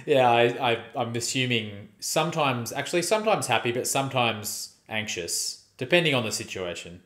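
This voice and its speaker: A man hosting a podcast, giving relaxed, musing replies in a casual interview. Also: mid-range voice, moderate pace. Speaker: podcast host. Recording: echoey room.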